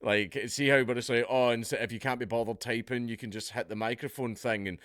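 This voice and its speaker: A man's voice: mid-range voice, steady tone, fairly quick, fairly bright tone, no echo, studio quality. A man with a Scottish accent, chatting casually as he reads out and comments on a news article, swearing and laughing now and then. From Scotland. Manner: chatty, swears, laughs at his own jokes. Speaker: YouTube commentator.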